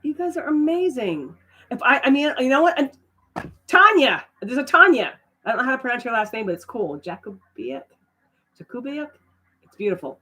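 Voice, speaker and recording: This is a middle-aged woman chatting with viewers during a casual live stream, talking fairly quickly in a high-pitched, husky voice. She often breaks from trailing fillers into surprised, excited exclamations.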